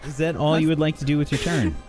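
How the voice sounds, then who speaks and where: A man's voice: fairly high pitch, fast, a little mellow, faint music behind. A man narrating scenes and calling turns as game master of a tabletop game, with frequent fillers.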